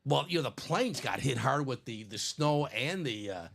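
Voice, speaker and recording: A man with a Chicago accent hosting a live sports card break, chatty and animated, laughing often. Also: mid-range voice, normal speed, creaky. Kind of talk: casual live-stream chat.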